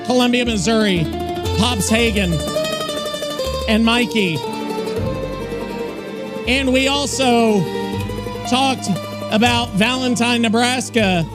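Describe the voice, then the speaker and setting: A man's voice: very high voice, slow, pauses often. A man hosting a podcast, weary and rambling, cursing often in casual chat. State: tired. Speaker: podcast host. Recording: music playing behind the voice.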